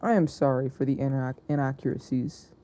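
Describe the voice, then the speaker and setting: Young male narrator, soft dark tone, chatty and unpolished, stumbling and fixing his words as he goes. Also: medium pitch, fairly even intonation, a little fast. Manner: hesitant, self-correcting, chatty. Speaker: narrator of an alternate-history map video. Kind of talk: casual unscripted narration.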